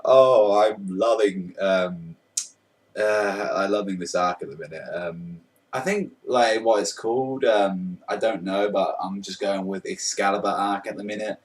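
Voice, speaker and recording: A man's voice: deep voice, steady tone, measured pace, distant mic. A young man casually reviewing a manga chapter, rambling and amused, with lots of fillers.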